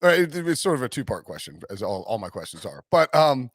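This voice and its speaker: A man hosting a casual sports podcast, rambling through quick questions and laughing often. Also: medium pitch, big pitch swings, breathy edge, no room sound, clean studio sound. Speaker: podcast host.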